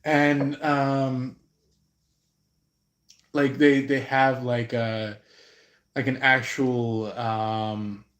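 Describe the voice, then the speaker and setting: A man giving an intuitive reading on a live stream, slow and halting, with many fillers and restarts. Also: mid-range voice, steady tone, a bit bright, roomy sound. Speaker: tarot reader.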